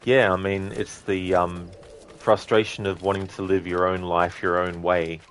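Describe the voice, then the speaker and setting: A man's voice: low-pitched, flat delivery, a little slow, a little hiss or hum. A man casually commenting on his live game stream, answering and thanking viewers in chat with frequent ums and self-corrections. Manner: chats with viewers, reads and answers chat messages. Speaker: livestreamer.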